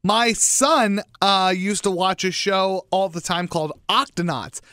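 Bright, teasing male radio co-host. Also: high voice, a little slow, no echo, clean studio sound. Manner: teasing and animated storytelling. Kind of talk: morning radio chat. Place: radio studio.

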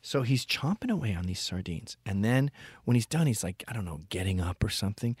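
Low-voiced man ranting through a comic story. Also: fairly quick, husky, no echo, studio quality. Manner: ranting, profane, deadpan asides. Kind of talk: comedic storytelling monologue.

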